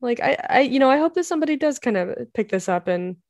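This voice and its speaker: A woman's voice: fairly high pitch, expressive, fast, darkish tone, no room sound, dull audio. Woman, podcast host, casual chat, laughs a lot, dry close sound. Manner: laughing, steering the talk.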